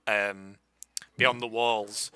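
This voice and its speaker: Man game mastering, um-ing a lot, sharp bright voice, dry mic. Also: lowish voice, little pitch movement, very slow, clear, resonant tone, dry recording. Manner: hesitant, filler-heavy narration. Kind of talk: narrating a tabletop game.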